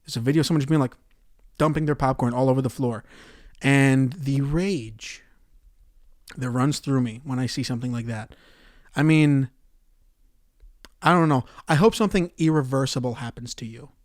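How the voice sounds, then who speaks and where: A male comedian ranting through a solo podcast in a mid-pitched voice, cursing freely. He jumps from loud outbursts to low, muttered asides. The sound is dry and close, with no room echo. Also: fairly quick. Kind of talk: comedic rant monologue.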